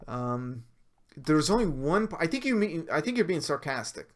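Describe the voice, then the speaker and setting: A man's voice: on the high side, very animated, normal speed. A man hosting a casual livestream review, talking loosely with many fillers and restarts while reading out viewer comments. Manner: rambling, frequent fillers and self-corrections, laughs between points. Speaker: livestream host reviewing a TV episode.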